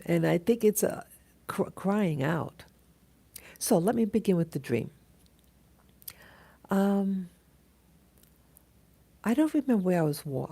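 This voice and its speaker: A woman telling a dream in a casual, halting monologue, full of restarts and fillers as she greets viewers of her live stream. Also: sits low, gravelly, dark tone, breathy edge. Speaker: vlogger recounting a dream.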